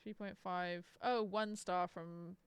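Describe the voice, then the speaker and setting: A woman's voice: on the low side, steady tone, takes it slowly, clean tone, no echo. A young woman chatting casually on a live stream, sarcastic and swearing freely. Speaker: book streamer.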